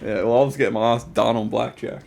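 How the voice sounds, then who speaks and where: A young man co-hosting a podcast, laid-back and halting, often laughing. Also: medium pitch, steady tone, creaky, darkish tone. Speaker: podcast co-host. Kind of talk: casual banter.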